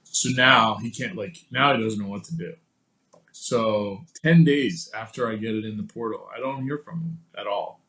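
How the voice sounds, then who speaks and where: A man guesting on a podcast, telling a personal story in a casual, animated way and acting out the quoted dialogue. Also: lowish voice, normal speed, rough recording. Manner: casual, many fillers like "like" and "you know".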